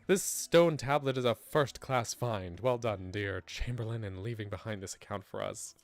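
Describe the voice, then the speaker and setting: A man's voice: lowish voice, normal speed, close to an everyday voice. A man reading as an eager old-fashioned scholar. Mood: excited scholarly. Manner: reads game dialogue aloud, theatrical and wordy. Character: eager fussy male historian scholar.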